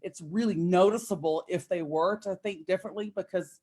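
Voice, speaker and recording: A woman's voice: on the low side, a little fast, dark tone, husky. A woman guest on a spiritual interview, speaking in a gushing, enthusiastic, casual way.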